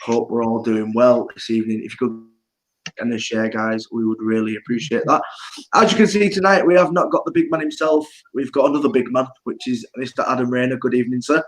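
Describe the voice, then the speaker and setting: A man hosting a casual livestream chat show, loud and bantering, laughing often. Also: mid-range voice, fairly even intonation, fairly quick, rough recording. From United Kingdom. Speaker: host.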